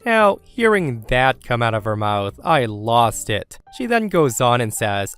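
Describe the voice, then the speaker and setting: A man with a mid-pitched voice reads a scripted first-person story in a steady, even way. Soft music plays faintly underneath. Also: a little slow, hardly any pauses, clean tone. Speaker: story narrator.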